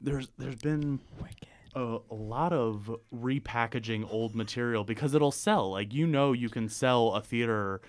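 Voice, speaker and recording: A man's voice: medium pitch, measured pace. A man co-hosting a podcast, telling stories about musicals in an easygoing way with plenty of fillers. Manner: easygoing, filler-heavy storytelling. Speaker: podcast co-host. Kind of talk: casual chat about musicals.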